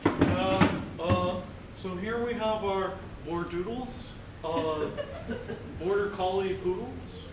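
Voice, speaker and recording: A man's voice: high voice, slow. A man playing a hesitant male puppy barn guide in live improv comedy, full of ums and uhs. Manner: hesitant, filler-heavy. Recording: echoey stage from far off with noise.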